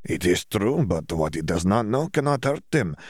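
A man's voice: deep voice, very animated, moderate pace, husky, dry recording, clean studio sound, heavily acted. A man reading an audiobook voices an earnest young male student wizard who talks in stiff, formal phrasing with hesitations. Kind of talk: audiobook character voice.

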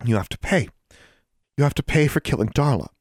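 A man voicing a frightened but vengeful young girl, speaking in a shaky, rushed way, lifted above his usual pitch. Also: animated, a little mellow, husky, dry recording, studio quality.

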